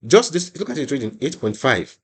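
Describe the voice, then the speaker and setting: A man's voice: mid-range voice, sing-song, fairly quick, a bit bright, slightly rough. A young adult man tutoring an online exam-prep class, stressing points by repeating himself and restarting his sentences. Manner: emphatic, repeats phrases, many restarts. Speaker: IELTS tutor.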